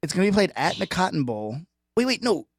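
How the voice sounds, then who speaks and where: A chatty man co-hosting a sports talk show, quick to laugh. His voice sits a bit high and moves up and down a lot, with a dry, close sound. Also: very animated, creaky, slightly rough, no room sound. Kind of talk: casual sports banter.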